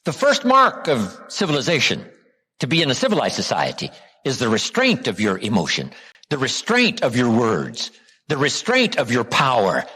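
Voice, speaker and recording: An older American man, a motivational speaker, giving a live seminar lecture to an audience, asking rhetorical questions and repeating key words with slow, drawn-out emphasis. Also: mid-range voice, wildly swooping pitch, bright, forceful tone, slightly rough. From United States. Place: large hall with a live audience. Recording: live hall recording with long reverb.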